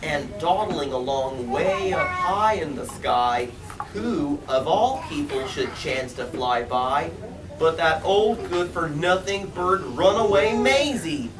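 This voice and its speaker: A man's voice: fairly high pitch, expressive, takes it slowly, crowd noise. A young man reading a rhyming picture book aloud in a bookstore, with a sing-song lilt and frequent laughs. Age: young adult. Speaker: story time reader. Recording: echoey store, mic far off, noisy.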